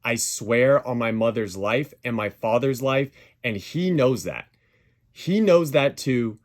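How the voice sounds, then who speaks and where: A man's voice: medium pitch, animated, takes it slowly. A man giving commentary over clips, defensive and emphatic as he rebuts claims point by point. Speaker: YouTuber responding to a dispute.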